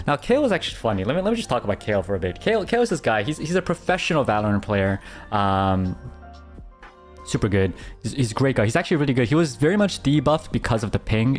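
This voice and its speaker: A young man streaming as a VTuber, telling stories in a casual chat with lots of fillers and bursts of excitement. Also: on the low side. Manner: excitable storytelling, bursting into laughter, many fillers.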